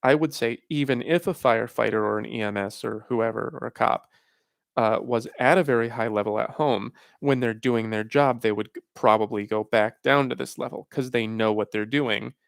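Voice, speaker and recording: A man hosting a live Q&A stream, thinking aloud in a halting way, his voice worn and tired. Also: mid-range voice, vocal fry, dry recording, studio quality. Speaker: livestream host. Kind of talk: casual live Q&A talk.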